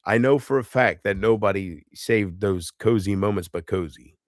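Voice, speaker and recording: Man streamer, casual livestream talk, halting and emotional, lots of restarts, dry close sound. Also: fairly low pitch, no room sound. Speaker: live streamer.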